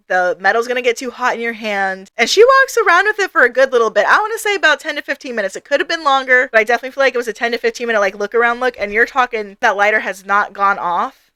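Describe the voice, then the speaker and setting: Bright, crisp-voiced young woman reviewing a book. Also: on the high side, no room sound. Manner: chatty, emphatic, frequent "like". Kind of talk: casual spoiler-filled book review.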